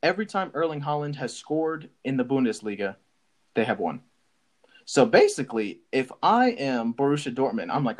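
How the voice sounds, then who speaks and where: This is a young man co-hosting a laid-back sports podcast, his voice sitting in the mid-range. He's quick to laugh and excitable, frequently starting his sentences over.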